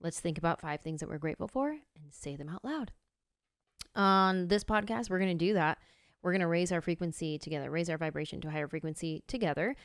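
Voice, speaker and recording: A woman in her thirties hosting a podcast, telling a story in a casual, animated way and acting out her own reactions. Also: lowish voice, fast, smooth, no echo, clean studio sound. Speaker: podcast host.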